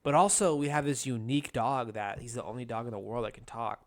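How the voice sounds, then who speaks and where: A man's voice: medium pitch, quick pace. A young man co-hosting a casual podcast, rambling and swearing, often repeating himself as he goes. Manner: rowdy, profane, rambling with repeated restarts. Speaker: podcast co-host. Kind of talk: casual chat.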